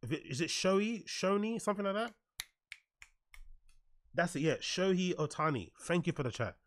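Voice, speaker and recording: A man's voice: high-pitched, lively intonation, moderate pace, a little hiss or hum. A man reacting to podcast clips with sarcastic, mocking commentary, swearing and answering his chat. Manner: sarcastic, swears a lot, reads chat aloud. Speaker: commentary streamer.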